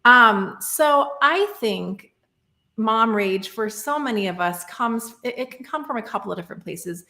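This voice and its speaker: A woman's voice: on the high side, expressive, unhurried, gravelly, bright, forceful tone, echoey room. A woman in her thirties, a podcast guest talking through a personal story in a reflective, casual way, often saying "like" and "right?". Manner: reflective, many fillers like "like" and "right?".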